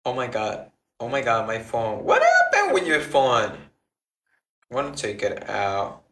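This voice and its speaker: A man's voice: mid-range voice, wildly swooping pitch, measured pace, bright, forceful tone, echoey room. A man chatting casually with viewers on a livestream, rambling and restarting his phrases as he reacts to comments. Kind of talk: casual live chat with viewers.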